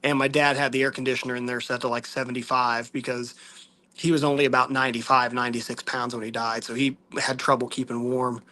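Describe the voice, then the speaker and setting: A man vlogging to viewers, telling a personal story in a halting, soft-spoken, earnest way. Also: medium pitch, flat delivery.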